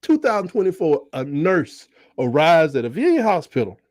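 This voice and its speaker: This middle-aged man hosting a casual sports livestream swings his pitch wildly, breaking into high squeals as he jokes and reads out chat. His tone is darkish and his pace moderate, recorded in clean studio sound without echo.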